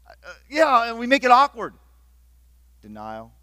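A middle-aged man from Northeast Ohio preaching a sermon, swinging between loud urgent bursts and hushed, intimate passages. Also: extremely high pitch, no echo. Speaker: pastor.

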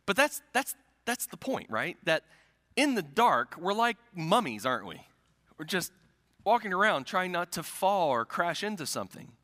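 A man's voice: sits high, very animated, normal speed, pushed and bright, big-room sound. A middle-aged male pastor preaching a sermon, telling stories and asking rhetorical questions, in a church sanctuary.

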